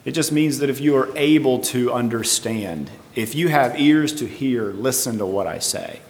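A male preacher works through scripture verse by verse, thinking aloud and sometimes admitting uncertainty. His voice sits at an ordinary middle pitch. A long reverb trails each phrase, as in a large hall. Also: normal speed, a little mellow, a little hiss or hum. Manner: thoughtful, tentative, explaining verse by verse. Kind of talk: Bible teaching sermon.

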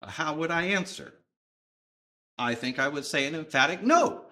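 A man preaching a sermon, conversational and emphatic, with thoughtful pauses. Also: on the high side, sharp tone. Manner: emphatic, conversational with fillers, pausing.

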